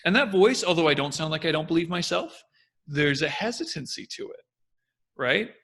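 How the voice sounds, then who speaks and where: A young man co-hosts a casual discussion, his voice bright and forward with a noticeable gravelly fry. He explains ideas energetically and slips into little acted voices to make his points. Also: fairly high pitch, moderate pace. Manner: animated, acts out confident and hesitant voices. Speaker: podcast co-host.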